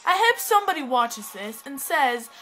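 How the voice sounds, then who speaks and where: A woman's voice: sits high, very animated, moderate pace, bright, forceful tone, rough recording. A teenage girl chatting in a rambling, sidetracked way to a friend, with a put-on British accent. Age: teens. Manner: rambling, giggly, easily sidetracked. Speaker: vlogger. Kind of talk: rambling casual vlog to a friend. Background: faint pop music.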